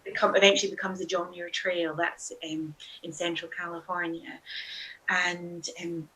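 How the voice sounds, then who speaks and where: Bright-voiced woman telling a hiking tale. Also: lowish voice, level tone, normal speed, a little hiss or hum, low-quality recording. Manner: rambling, hesitant, with frequent ums and small laughs. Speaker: guest, long-distance hiker. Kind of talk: casual interview storytelling.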